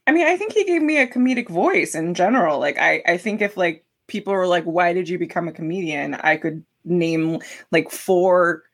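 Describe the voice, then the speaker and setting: Casting: female comedian, husky voice with lively swoops, playful teasing chat. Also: lowish voice, moderate pace, hardly any pauses. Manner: playful, teasing, laughs a lot. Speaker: comedian, guest host.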